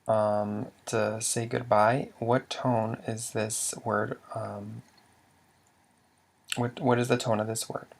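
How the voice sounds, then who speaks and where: A man's voice: lowish voice, flat delivery, slow, gravelly. A man narrating a slide lesson as a language teacher. He asks questions, answers them himself, and often stops to restart a word.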